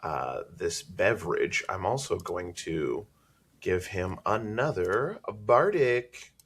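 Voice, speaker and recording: A man plays a tabletop game, speaking slowly with lots of fillers while he decides his moves. His pitch rises and falls in a lively way even at this unhurried pace. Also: breathy edge. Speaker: player.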